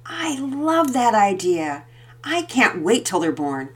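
A woman voicing an excited, affectionate young girl in a storybook reading, with a high, eager voice. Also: slow, far from the mic.

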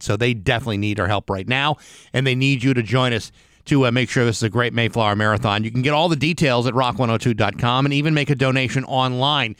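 A man's voice: medium pitch, fairly bright tone, clean tone, no echo. A man hosting a morning radio show, talking in a loose, rambling way and often restarting his sentences. His voice sits in a middling range. The studio sound is dry and close, with no room around it. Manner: rambling, chatty, restarts a lot. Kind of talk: casual radio chat.

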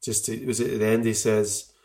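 A man's voice: on the low side, flat delivery, brisk, a little mellow. A man in casual chat about football, emotional and rambling, often trailing off and restarting.

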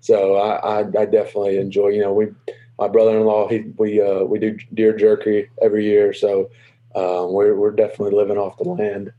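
A young man, a baseball player answering interview questions in a halting, easygoing way full of fillers. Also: on the low side, monotone, highs cut off. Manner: halting, lots of fillers and restarts.

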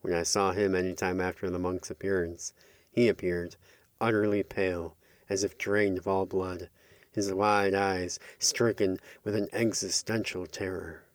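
A man narrating a first-person horror story in a measured way, dropping to a hush at tense moments. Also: low voice, flat delivery, no room sound.

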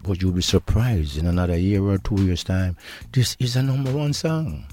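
An older Jamaican man talks in a relaxed, easygoing interview, his low voice rising and falling a lot. He laughs often and draws his phrases out. Faint music plays in the background. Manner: laid-back, laughs often, drawn-out phrases. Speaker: interview guest, reggae deejay. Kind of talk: relaxed reminiscing conversation.

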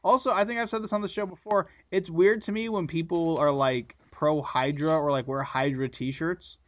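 A man hosting a podcast, teasing his co-host in quick casual banter. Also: fairly high pitch, steady tone. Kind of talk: casual chat.

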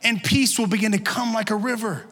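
A male pastor giving a lively, conversational sermon full of humor in a church. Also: sits high, fairly quick, long reverb tail. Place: church sanctuary.

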